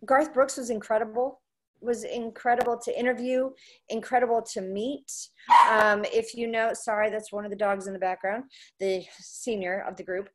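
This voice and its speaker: A woman's voice: on the high side, normal speed. A woman, a country music radio personality, telling anecdotes in a casual chat and acting out what others said. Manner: animated storyteller who acts out quoted voices.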